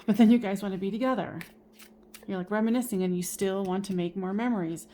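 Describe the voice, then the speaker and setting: A woman giving a general tarot reading in a casual, expressive way, swearing now and then and laughing at herself. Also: mid-range voice, quick pace, a little hiss or hum. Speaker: tarot reader.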